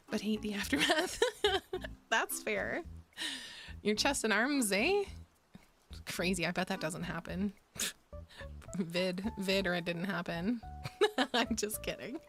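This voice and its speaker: A woman's voice: medium pitch, fairly bright tone. Profane, laughing woman streamer chatting. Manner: candid and profane, laughs often, gasps at stories. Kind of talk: casual chat reading viewer messages.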